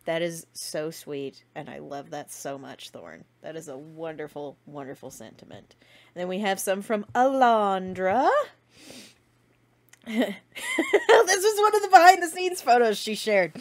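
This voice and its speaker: Giggly young woman with a lively voice. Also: lowish voice, unhurried. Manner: giggly, chatty, laughs often. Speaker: fan channel host. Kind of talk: casual fan vlog, reading out memes.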